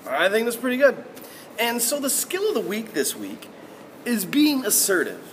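A man giving morning announcements to primary school pupils, playful and animated, acting out examples. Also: very high-pitched, normal speed, big-room sound, slight background noise.

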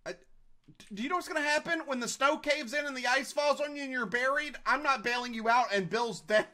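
A man improvising a game role-play, loud and exasperated, quick to yell. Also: extremely high pitch.

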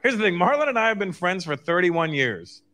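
A man performing a stand-up comedy routine, telling animated stories and slipping into acted voices. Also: high-pitched, a little fast.

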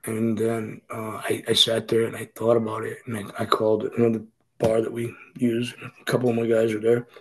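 A man's voice: on the low side, monotone, a little fast, a little hiss or hum, rough recording. A middle-aged man, speaking as a podcast guest and telling his story bluntly and profanely. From Boston. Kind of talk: candid storytelling interview.

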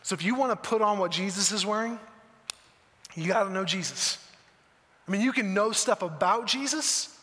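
Bright high-voiced preacher in a reverberant hall. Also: male voice, normal speed, pauses often. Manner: earnest, conversational preaching with rhetorical questions. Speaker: pastor. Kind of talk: sermon. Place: church auditorium. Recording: long church hall reverb.

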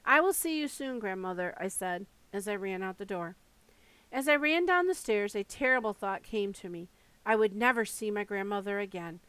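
Woman reader, memoir narration, steady measured delivery, mid-range voice, dry close sound. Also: mid-range voice, clean tone, no room sound, low-quality recording. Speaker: audiobook reader. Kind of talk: first-person memoir narration read aloud.

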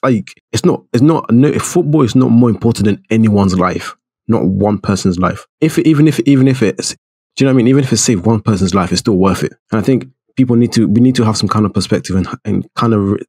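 A man co-hosting a casual podcast chat, animated, laughing often and restarting his sentences. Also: lowish voice, quick pace, breathy edge, no echo, clean studio sound. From United Kingdom. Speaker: podcast co-host.

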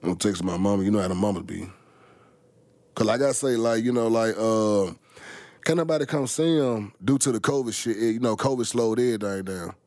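A man's voice: lowish voice, brisk, darkish tone, no echo. A middle-aged man, rambling casually to his viewers, full of slang and swearing. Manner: profane, rambling, heavy slang. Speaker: vlogger.

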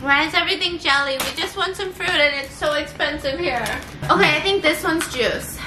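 Excitable high-voiced woman vlogger. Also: fairly quick. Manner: excitable, exclamatory, swears casually. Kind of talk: casual vlog chat. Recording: echoey room with background noise.

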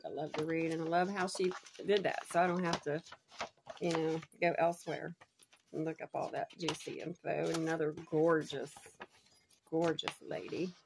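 A woman, chatting casually and gushing excitedly as she unboxes a gift, laughing often. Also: low voice, vocal fry, noisy background. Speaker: unboxing vlogger.

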